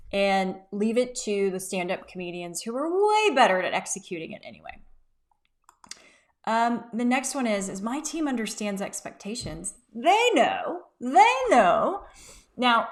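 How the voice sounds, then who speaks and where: A woman in her thirties talks straight to camera as a business coach. She tells stories from her own workplace in a casual, animated way and leans hard on emphatic asides. Her voice sits at an ordinary middle pitch for a woman.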